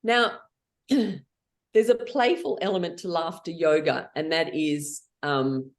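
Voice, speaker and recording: A woman's voice: low voice, takes it slowly. A woman guiding an online laughter yoga workshop over a video call, playful and laughing often as she cheers people on.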